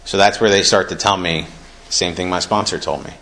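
A man's voice: low-pitched, steady tone, fairly quick, bright, forceful tone, rough recording. A young man speaking earnestly at a recovery meeting, reading passages aloud from a book and reflecting on them in a conversational way.

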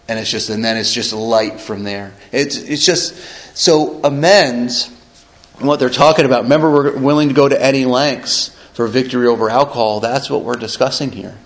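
A man from upstate New York tells a personal recovery story at a medium pitch. He talks casually and loosely, circling back on his phrases, restarting often and checking in with his listeners. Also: low-quality recording. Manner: rambling, many restarts and "right?". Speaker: recovery speaker.

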